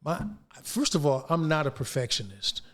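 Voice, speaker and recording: With a voice on the high side and a moderate pace, an older guest actor tells stories in an easygoing interview. He acts out the words of those he quotes, animated and slangy throughout.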